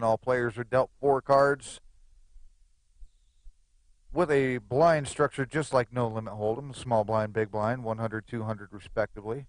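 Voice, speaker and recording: A man's voice: medium pitch, dry recording. A man giving live, chatty play-by-play commentary on a poker game, with joking asides.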